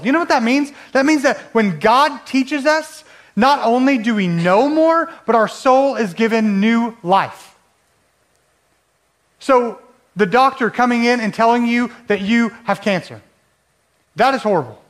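A man's voice: extremely high pitch, a little slow, fairly bright tone. A man preaching a sermon in a conversational way, often asking the listeners rhetorical questions. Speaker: pastor.

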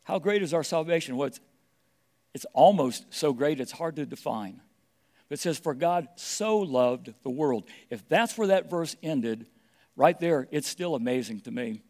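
A man's voice: on the high side, lively intonation, moderate pace, a little mellow. A middle-aged man preaching a sermon, stressing his points and repeating key phrases. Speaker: pastor.

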